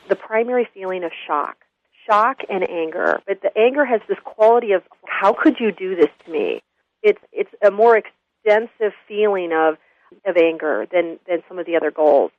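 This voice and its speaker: A woman guest telling a story in an earnest, animated interview. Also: mid-range voice, no room sound. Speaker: guest, school consultant. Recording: dull lo-fi radio audio.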